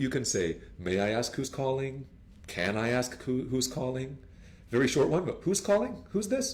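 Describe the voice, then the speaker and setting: Lively male English teacher. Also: lowish voice. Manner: animated, acts out both sides of phone calls in role-play. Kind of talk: casual lesson explanation.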